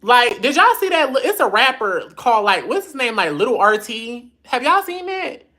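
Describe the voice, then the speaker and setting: A woman's voice: fairly high pitch, very animated, normal speed, sharp tone. A woman hosting a casual livestream, blunt, sassy and profane, reading viewer comments aloud and answering them. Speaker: livestream host.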